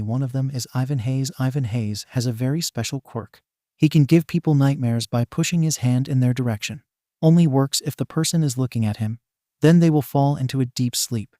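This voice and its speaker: A man reading the part of a pleading woman who schemes among spouses, in a low, dark-toned voice. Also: no echo, studio quality, natural voice.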